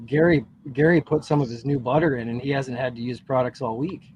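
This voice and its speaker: A man's voice: mid-range voice, fairly even intonation, a little fast, darkish tone, muffled recording, a little hiss or hum. A man in casual, joking chat on a live stream.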